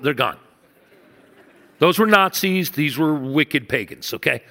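A man preaching a sermon, telling a story with animated asides and dropping to hushed intensity at key moments. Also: on the high side, measured pace, vocal fry. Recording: long reverb of a large hall.

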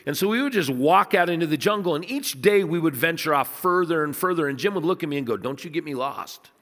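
A man preaching a sermon, telling stories in a conversational way and dropping low and soft to stress points. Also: expressive, fast, long reverb tail. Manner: storytelling, conversational, dips low and soft for emphasis. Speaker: pastor.

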